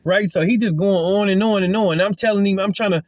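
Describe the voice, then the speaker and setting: A man's voice: sits high, fairly even intonation, a little fast, no room sound. Earnest man telling a testimony. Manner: earnest and emphatic, retelling a confrontation. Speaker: Christian testifier. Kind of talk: casual spoken testimony.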